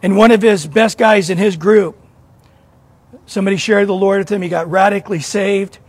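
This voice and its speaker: An earnest male pastor with a high voice, preaching to his congregation. He asks question after question and often repeats a word before going on. The sound is dry and close. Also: steady tone, normal speed, no echo. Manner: earnest, questioning, repeats words when starting. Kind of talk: sermon.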